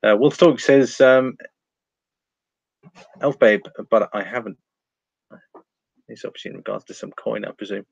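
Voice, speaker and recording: A man hosting a relaxed live stream, reading out viewer comments and talking over charts. His voice sits fairly low, and he laughs easily between remarks. The sound is dry and close, with no room around it. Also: unhurried, gravelly, pauses often, husky, no room sound, lo-fi sound. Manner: chatty, reads viewer comments aloud, laughs often, trails off.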